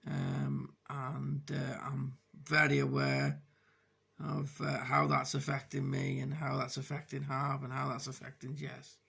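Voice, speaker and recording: A man records a personal video diary in a heavily gravelly, creaky voice. He speaks frankly and hesitantly, with many restarts and fillers, and his pitch sits at an ordinary middle height. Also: measured pace, a bit bright. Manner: frank, open about struggling. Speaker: vlogger.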